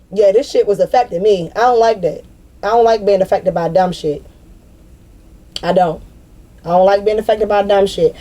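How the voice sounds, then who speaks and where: A woman's voice: mid-range voice, mellow. Blunt, profane woman venting to camera. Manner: blunt and profane, repeats herself for emphasis. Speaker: spiritual vlogger. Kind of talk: unscripted venting monologue.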